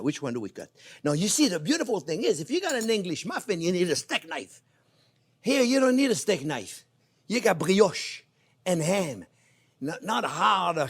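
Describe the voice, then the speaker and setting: A man hosting a cooking show, effusive and crooning over his food in a casual demonstration. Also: fairly high pitch. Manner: often drops to soft murmurs over the dish.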